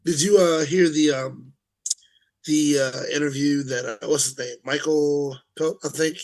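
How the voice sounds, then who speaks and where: A man's voice: a little high, fairly even intonation, measured pace, darkish tone, rough recording. A man co-hosting a podcast in casual chat, laughing often and trailing off with fillers. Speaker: podcast co-host.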